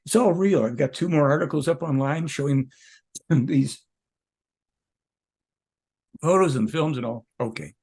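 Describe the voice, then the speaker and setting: A man's voice: fairly high pitch, a little slow, long pauses, darkish tone, husky. A man speaking as an interview guest, rambling and emphatic, jumping from point to point. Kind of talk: casual interview talk.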